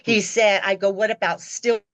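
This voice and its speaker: A middle-aged woman, a podcast guest, telling stories in a casual, animated way and acting out the people she quotes. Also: moderate pace, low-quality recording. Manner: animated, acts out quoted voices with pitch jumps. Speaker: podcast guest, former personal assistant. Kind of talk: casual storytelling.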